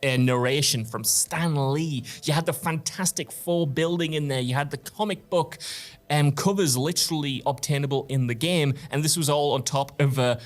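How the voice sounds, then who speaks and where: A British man hosting a casual gaming podcast, talking with animated, nostalgic enthusiasm. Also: a little high, normal speed. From Britain. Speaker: podcast host.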